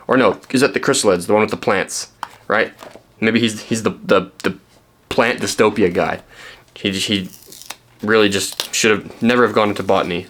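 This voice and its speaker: This young book vlogger from Canada has a voice on the low side with a fairly bright tone, and there's a little hiss or hum. Chatting casually about the books he found, he rambles, mocks himself, and keeps saying um and starting over.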